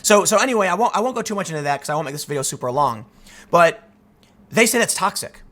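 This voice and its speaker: A man hosting a commentary show, ranting to his audience in an emphatic, animated way. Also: high voice, fast talker. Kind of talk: opinion rant to camera.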